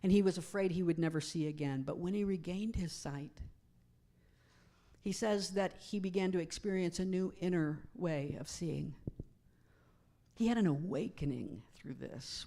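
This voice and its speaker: Woman minister, slightly low voice, chatty sermon with questions to the congregation, animated then hushed. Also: moderate pace. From United States. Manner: conversational, asks the congregation questions; animated storytelling, softening to hushed emphasis. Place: church sanctuary.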